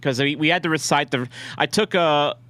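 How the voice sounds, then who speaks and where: A young man talks through a soccer match as its fan host, rambling between plays and getting loud when the action heats up. His voice is bright and clear, a little higher than most men's, and it sits close and dry on the mic. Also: normal speed, dry recording. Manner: excitable, rambling, shouts at big plays. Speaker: fan watch-along host. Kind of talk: live reaction commentary.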